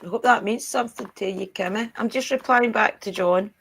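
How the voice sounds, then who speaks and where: A woman's voice: medium pitch, fairly quick, vocal fry, fairly bright tone, husky. A woman with a Glaswegian accent, hosting a spiritual live stream, chatting and reading cards aloud to viewers. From Scotland. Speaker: spiritual reader and channel host.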